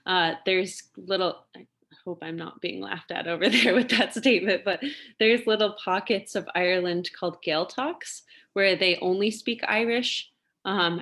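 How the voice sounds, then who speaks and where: A young woman telling stories in a casual interview, chatty and quick to laugh, with plenty of fillers. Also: on the low side, fairly bright tone. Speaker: interview guest, singer and lawyer.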